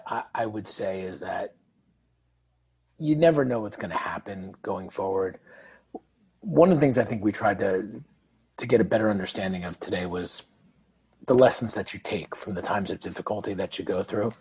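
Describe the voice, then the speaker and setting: Husky man telling lively stories. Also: on the low side, normal speed. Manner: animated storyteller, acts out quoted dialogue. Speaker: guest, author. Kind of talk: conversational interview.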